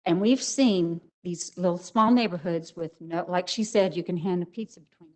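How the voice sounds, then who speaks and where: A woman's voice: fairly low pitch, moderate pace, poor audio. An older woman speaking as a resident at a public hearing, emotional and emphatic. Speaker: resident giving public comment.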